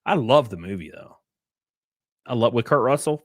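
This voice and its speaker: Medium-pitched and animated, an American man talks at a moderate pace to viewers on his live stream, with no room sound. His casual, rambling chat includes occasional cursing and snatches of a sung theme song.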